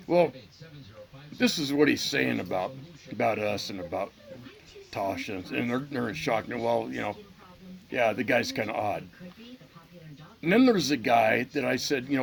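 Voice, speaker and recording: Brief: middle-aged male vlog host, gravelly voice, angry and profane, talking off the cuff. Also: mid-range voice, animated, normal speed, long pauses. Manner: profane, heated, repeats himself. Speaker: channel host. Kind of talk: angry unscripted rant to camera.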